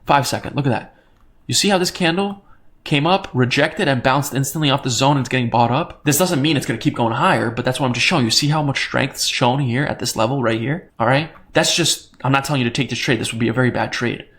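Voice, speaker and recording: A young man teaching crypto trading over a screen share, excitable and repetitive, often checking in with "right?" and jumping up in pitch on his key points. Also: fast talker. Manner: pitch jumps up on emphatic points. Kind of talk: screen-share chart walkthrough.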